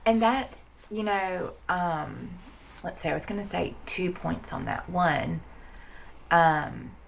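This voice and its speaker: A woman's voice: lowish voice, takes it slowly, creaky, a little hiss or hum. A woman talking in a casual podcast conversation, blunt and emphatic, swearing freely and repeating words for stress. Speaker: therapist guest.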